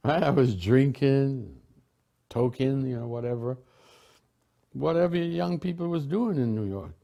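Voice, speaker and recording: An older man from a Caribbean island telling personal memories in a relaxed, chatty way, laughing often and restarting his sentences. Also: medium pitch, slow, vocal fry, pauses often. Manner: warm storytelling with frequent laughs and restarts. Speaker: devotee sharing memories. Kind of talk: casual reminiscence.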